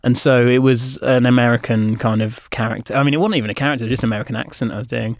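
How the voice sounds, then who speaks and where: A man's voice: medium pitch, steady tone, racing, dry recording, studio quality. A man, a comedian and actor, chatting as a radio guest, rambling and hesitant with many fillers. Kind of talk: casual interview chat.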